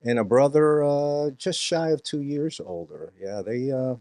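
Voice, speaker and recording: A man from the Philippines, an actor being interviewed, answering with wry, deadpan quips. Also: medium pitch, unhurried, dry recording. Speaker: actor, guest. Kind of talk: casual interview chat.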